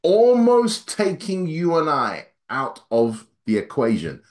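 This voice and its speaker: A man preaching a sermon, his voice climbing for emphasis and then dropping low and quiet, reading scripture at a quick clip. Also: huge pitch swings. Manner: dynamic preaching, voice rising high then dropping low and soft.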